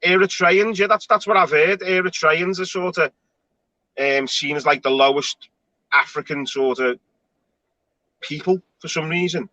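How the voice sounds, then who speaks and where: A man's voice: fairly high pitch, steady tone, a little slow, long pauses, bright, forceful tone, no room sound, lo-fi sound. A man hosting a casual online panel chat, talking in a chatty, rambling way with frequent restarts. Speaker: show host.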